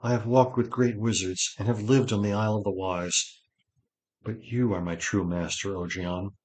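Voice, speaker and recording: A man's voice: medium pitch, expressive, unhurried, voice pushed up, lightly acted, low-quality recording. A man reading an audiobook gives voice to an anxious young male wizard, speaking in a tense, pleading way that rises with fear. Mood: troubled.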